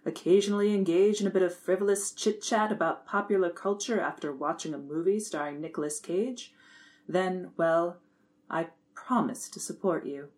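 A stiff, formal, deadpan man, as a woman reading a story puts him on. He sounds earnest and proper, and his voice sits a little low. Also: moderate pace, lightly acted. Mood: remorseful.

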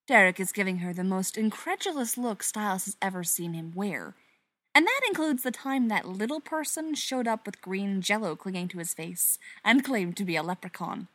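A woman reads a story aloud with wry, expressive narration. Her voice moves lively up and down through every sentence. The sound is dry and close, with no room around it. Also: mid-range voice, normal speed, no echo. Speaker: reader. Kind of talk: reading fan fiction aloud.

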